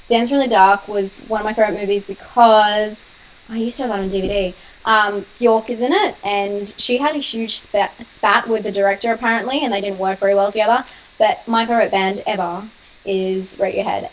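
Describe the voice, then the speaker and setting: A woman's voice: medium pitch, low-quality recording. Chatty young woman hosting a live Q&A. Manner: chatty, quick, laughs often, reads out viewer comments. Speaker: horror channel host. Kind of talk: casual live-stream Q&A.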